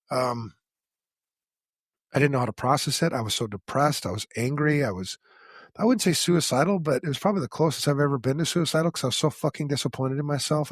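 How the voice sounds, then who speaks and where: A middle-aged man with a husky, slightly breathy voice tells his own story on a podcast. He talks bluntly and swears freely, plain and frank about his struggles. The sound is close and dry, with no room around it. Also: medium pitch, dry recording. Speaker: podcast co-host. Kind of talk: candid personal storytelling.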